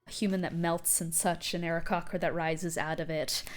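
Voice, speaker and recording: A woman's voice: on the low side, level tone, normal speed. A woman narrating a tabletop game as game master, loose and full of fillers.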